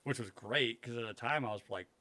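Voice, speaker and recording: A man's voice: mid-range voice, fairly quick. Casual, profane male podcast storyteller. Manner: profane, animated anecdote telling with acted quotes. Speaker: podcast co-host.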